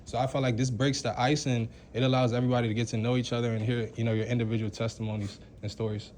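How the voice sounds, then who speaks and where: A man in a team meeting sharing his view earnestly, talking quickly with stumbling restarts. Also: mid-range voice, flat delivery, a little mellow, slight background noise. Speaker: team member. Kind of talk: casual group discussion.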